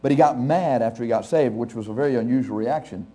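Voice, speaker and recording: Pastor guy giving a sermon, talks like he's chatting w the crowd, deep mellow tone, laughs a lot. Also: fast talker. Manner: conversational and anecdotal, chuckling often; speaks straight to the audience, asks questions. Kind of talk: sermon to a live congregation.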